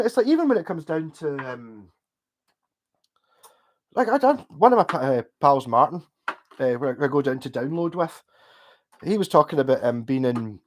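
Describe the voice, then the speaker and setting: A man with a softened Glaswegian accent talks loosely to his stream audience, reacting to comments as they come in. He wanders from point to point, trips over his own restarts and drops casual swearing. His laughs slip in between his thoughts. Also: sits high. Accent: Glaswegian Scottish, softened. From Scotland. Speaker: livestreamer. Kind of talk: casual livestream chat, answering viewer comments.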